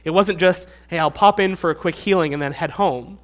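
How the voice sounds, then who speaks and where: A young man preaching a sermon, animated, acting out the disciples with sarcastic asides. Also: on the high side, fairly quick.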